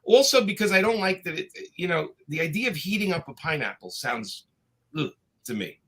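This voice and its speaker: A man with a Brooklyn accent, a guest chatting casually on a live video call and telling opinionated stories with quick asides. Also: fairly high pitch, very animated, a bit bright, slightly rough. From Brooklyn, New York. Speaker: guest comics creator.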